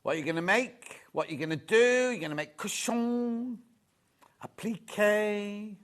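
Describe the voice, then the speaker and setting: In a TV studio, a middle-aged shopping channel host with a high, fairly bright voice speaks a little slowly on a live sewing show. He raves about the fabrics and trades chatty, teasing banter with the crew.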